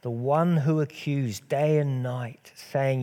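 Guy preaching a sermon, mellow low-key tone, earnest, lots of rhetorical questions. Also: steady tone, takes it slowly, hardly any pauses.

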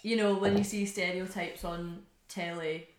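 A woman's voice: lowish voice, a little slow, slight background noise. A young Scottish woman with a Glasgow accent, chatting as a podcast guest and acting out quoted people. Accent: Glaswegian Scottish. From Scotland. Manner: animated, acts out quoted voices. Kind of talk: casual group chat. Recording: roomy echo.

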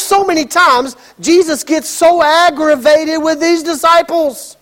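High-voiced man preaching slowly. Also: big-room sound. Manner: animated storytelling, acts out scenes and shouts. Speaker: pastor. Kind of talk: sermon.

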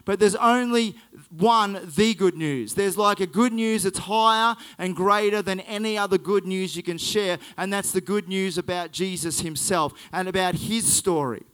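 A man's voice: high voice, a bit bright, smooth. A man preaching a sermon, telling a story and then making earnest, emphatic points.

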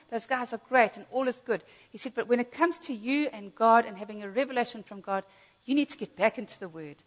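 A woman preaching a sermon in a church, telling a story with lively quoted dialogue and easy laughter. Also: a little high. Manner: lively storytelling, quoting others, laughing easily. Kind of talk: sermon with retold anecdote.

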